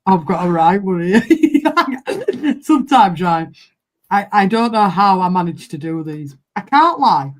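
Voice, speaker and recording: A woman's voice: mid-range voice, very animated, unhurried. Blunt, sweary Northern English woman. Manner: blunt, sweary, repeats "I can't lie". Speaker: streamer host of a football watchalong. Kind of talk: casual live-stream chat.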